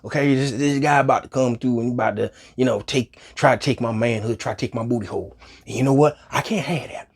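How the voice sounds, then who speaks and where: A man's voice: medium pitch, fast, gravelly, breathy edge, voice pushed down. A man doing a mumbling, nervous passenger. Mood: mocking. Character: nervous male airline passenger, mocked.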